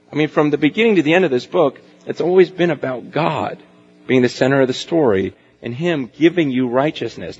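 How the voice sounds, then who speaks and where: A man preaching a sermon as pastor, animated, acting out the voices of people and God in quotes. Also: on the high side, husky. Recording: dull lo-fi recording.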